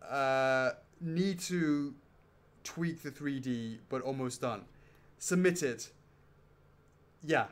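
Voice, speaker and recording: Speaking extremely slowly in a mid-range voice, a male host rambles through a relaxed question-and-answer session. He reads questions aloud, cracks jokes, and laughs a lot.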